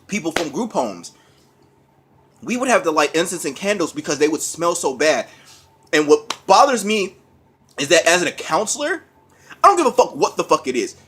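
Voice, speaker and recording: A man's voice: fairly high pitch, big pitch swings, moderate pace, long pauses, bright, forceful tone, slightly rough. A sick man coughing through a profane, heated rant on his vlog. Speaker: vlogger. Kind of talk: angry ranting vlog.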